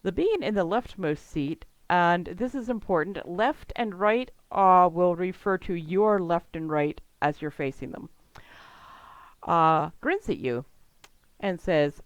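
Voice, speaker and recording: A woman's voice: fairly low pitch, takes it slowly, dry recording, rough recording. Chatty woman game master, dry close sound. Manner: chatty, laughs often. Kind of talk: narrating a tabletop game.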